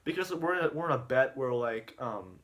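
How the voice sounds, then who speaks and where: A man's voice: medium pitch, expressive, a little fast, a bit bright, natural voice. A man voicing a pushy, shady dentist who talks offhandedly.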